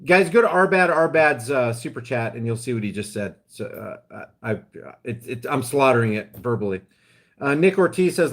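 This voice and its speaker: A man hosting a live stream, ranting in a heated, emphatic way, then dropping into quieter asides to his viewers. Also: a little high, expressive, moderate pace. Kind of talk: impassioned live-stream rant.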